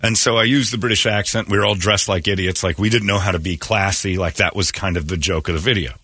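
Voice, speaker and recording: A man hosting a radio show, ranting and teasing in animated, casual talk from a studio. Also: low voice, fast talker, breathy edge, dry recording. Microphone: studio microphone.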